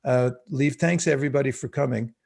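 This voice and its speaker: A man teaching an online spiritual class by video call, speaking reflectively and slowly chanting mantras for listeners to repeat. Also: medium pitch, vocal fry, darkish tone.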